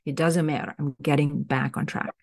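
A woman's voice: deep voice, steady tone, normal speed, creaky. A woman from Romania, a guest doctor on a podcast, talking earnestly and emphatically about faith and psychology. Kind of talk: casual interview talk.

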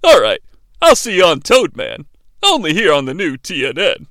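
Man doing a smug, self-promoting wrestler, low-key and dry-sounding. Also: wildly swooping pitch, moderate pace, a bit bright, no room sound, full character voice. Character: smug big male wrestler playing film buff.

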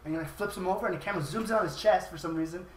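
A man's voice: sits high, racing, distant mic, a little hiss or hum. A man chatting casually and profanely, rambling and laughing as he retells a movie. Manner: laughing often, rambling, acting out quoted lines. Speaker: podcast host retelling a movie. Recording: roomy, off-mic with crowd chatter.

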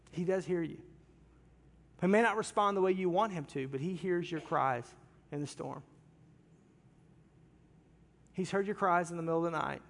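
A man preaching a sermon in a church, impassioned, moving from loud cries down to hushed, quiet passages. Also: a little high. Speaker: pastor. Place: large church sanctuary. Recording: long reverb of a big hall.

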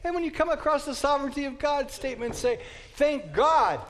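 A man teaching a Bible class in an animated way, quizzing his students with quick questions. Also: very high-pitched.

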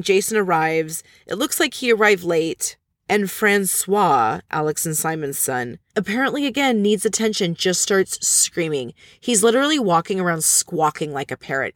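A woman recaps a reality show in a loose, gossipy way, offering her opinions as she goes. Her voice sits a little low. The sound is dry and close, with no room behind it. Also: no echo. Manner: chatty, gossipy, opinionated storytelling. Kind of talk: casual recap commentary.

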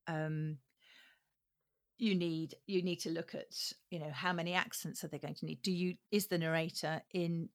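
A woman with a notably low voice, speaking as an audiobook producer in an interview. She talks thoughtfully, pausing on ums and restarting phrases as she works out her points. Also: steady tone. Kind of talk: interview answers.

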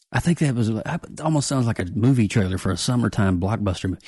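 A man hosting a casual pop-culture podcast, talking excitedly with lots of restarts and jokes. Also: on the low side, fairly quick, few pauses, husky, dry recording, studio quality. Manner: excitable, joking, many restarts. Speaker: podcast host.

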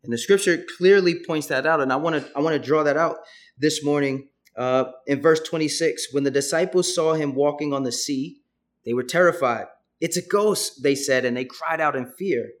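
A man's voice: fairly high pitch, normal speed. A young man preaching a sermon, earnest and conversational with casual asides, reading scripture aloud.

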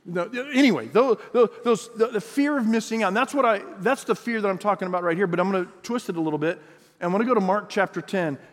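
Brief: animated high-voiced man preaching a sermon, echoing church hall. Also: quick pace. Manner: animated, acts out quotes in voices. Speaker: pastor.

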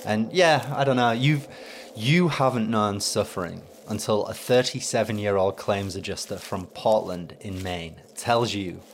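A man with an English accent hosting a podcast, delivering a bitter, deadpan comic monologue. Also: fairly low pitch, measured pace, a little hiss or hum. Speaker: podcast host. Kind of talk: sardonic comedic monologue.

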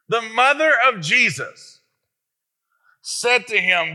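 Bright-voiced, animated male preacher. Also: high-pitched, a little slow. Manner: animated and emphatic, with rhetorical questions. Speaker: pastor. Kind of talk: sermon.

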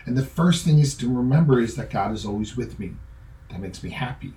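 Middle-aged male pastor, mellow voice, joking conversational sermon, echoey room. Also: mid-range voice, lively intonation, a little fast.

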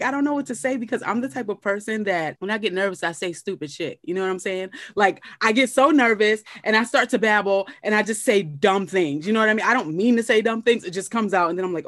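A woman's voice: fast, no echo, clean studio sound. A woman, a guest comedian, telling a story in casual podcast chat. She acts out the quotes, pushing her voice up and down. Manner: animated storyteller, acts out quotes in shifting pitch.

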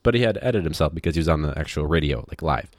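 A man who teaches high school, talking in a rambling, casual podcast monologue full of fillers and digressions. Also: animated, rapid-fire, no echo, clean studio sound.

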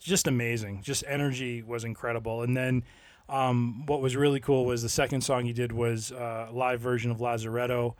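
A man's voice: mid-range voice, no echo. Hesitant man recommending music. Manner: hesitant, full of ums and restarts. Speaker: podcast co-host. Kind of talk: casual podcast chat.

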